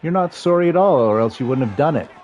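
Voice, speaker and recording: A man in his thirties streaming a football video game, calling the plays and chatting with viewers in a rambling, excitable way. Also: on the high side, fast, highs cut off, slight background noise. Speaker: livestream gamer and commentator. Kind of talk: casual play-by-play chat with chat.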